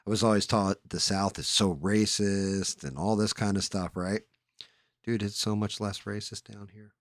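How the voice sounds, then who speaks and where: A man's voice: on the low side, steady tone, normal speed, no echo, clean studio sound. A man from the Northeastern United States telling rambling stories in casual chat, full of fillers and swearing. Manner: rambling anecdotes with fillers and profanity.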